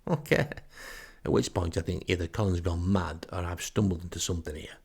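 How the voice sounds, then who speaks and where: Gravelly older Northern English man. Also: low voice, little pitch movement, quick pace, a little mellow. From Northern England. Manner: wry, chatty, self-deprecating. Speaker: storyteller, podcast host. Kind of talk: comic first-person storytelling.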